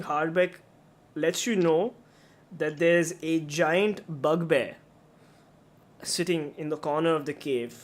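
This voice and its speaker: A man with an Indian English accent, narrating a tabletop game as game master and restating scenes casually. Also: on the high side. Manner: reads room descriptions, then restates them casually.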